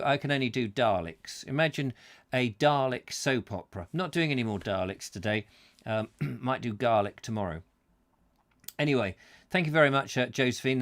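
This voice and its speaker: A man's voice: medium pitch, fairly bright tone. Rambling man hosting a live show. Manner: rambling, self-mocking, full of fillers and asides. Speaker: host of a live chat show. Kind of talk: comic rambling live chat.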